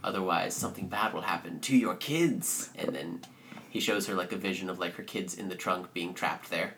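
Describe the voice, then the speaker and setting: Low-voiced sarcastic man recapping a movie. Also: normal speed, a bit bright, a little hiss or hum. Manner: joking, sarcastic, acts out characters' lines. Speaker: podcast co-host. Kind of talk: casual movie recap chat.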